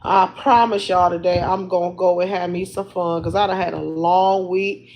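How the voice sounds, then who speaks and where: A woman's voice: fairly low pitch, fairly even intonation, moderate pace, muffled recording, slight background noise. A woman chatting casually to her livestream viewers, rambling along and laughing often, talking into a phone. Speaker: livestream host.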